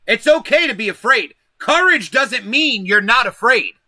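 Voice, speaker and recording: A man's voice: extremely high pitch, animated, moderate pace, sharp tone, dry recording. A man hosting a livestream, delivering a profane, emphatic political rant straight to his viewers. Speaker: livestream host. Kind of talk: ranting political livestream monologue.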